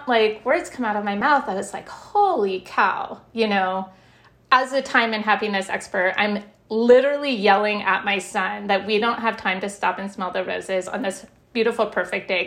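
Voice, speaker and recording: A middle-aged woman speaks as an interview guest. Her voice sits at a medium pitch. She is lively and chatty, and her storytelling is full of "like" and small laughs. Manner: animated, laughs while telling stories, lots of "like". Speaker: author and happiness researcher, interview guest. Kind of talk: conversational interview.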